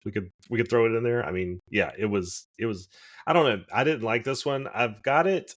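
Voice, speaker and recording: A man's voice: mid-range voice, a little fast, fairly bright tone. A man co-hosting a podcast in casual chat, rambling and opinionated, often restarting his sentences. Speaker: podcast co-host.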